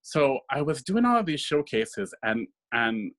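A man's voice: mid-range voice, a little slow. A man, a stage actor, telling stories in a casual interview and acting out the voices of people he quotes. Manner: animated, acts out quoted voices. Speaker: guest actor.

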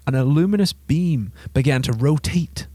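A man's voice: on the high side, animated, moderate pace, mellow, slightly rough, dry recording. A man hosting a podcast, telling a story in casual chat, laughing often and restarting words. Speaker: podcast host.

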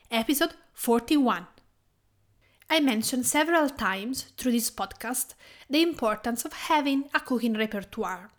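A woman from Tuscany with an Italian accent, Italian her first language, hosting a cooking podcast in a measured, carefully read narration. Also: a little high. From Tuscany, Italy. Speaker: podcast host and cooking teacher.

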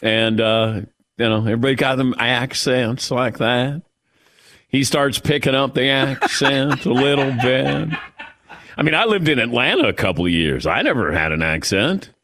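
Animated middle-aged sports radio host. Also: male voice, mid-range voice, moderate pace, a little hiss or hum. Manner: animated, laughs often. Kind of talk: casual sports talk chat.

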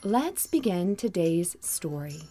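A woman hosting a children's Bible story podcast, narrating with clear, gentle, expressive delivery. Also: fairly low pitch, takes it slowly, faint music behind. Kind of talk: warm scripted narration for children.

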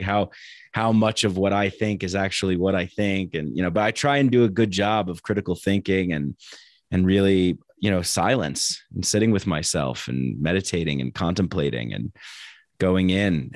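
A man's voice: sits low, no echo, studio quality. An adult man in casual conversation, talking in a reflective, rambling way with many restarts. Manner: acts out quoted exchanges in a raised put-on voice.

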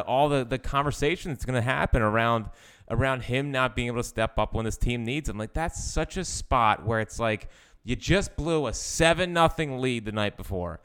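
A man's voice: medium pitch, normal speed, a bit bright, clean tone. A young man co-hosting a sports podcast, rambling in casual chat and venting his frustration as a fan.

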